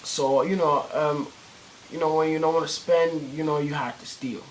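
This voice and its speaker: A man's voice: a little high, steady tone, normal speed, slight background noise, low-quality recording. A teenage boy telling a story in a casual vlog, rambling with many fillers and restarts and plenty of cursing. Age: teens. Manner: cursing, slangy.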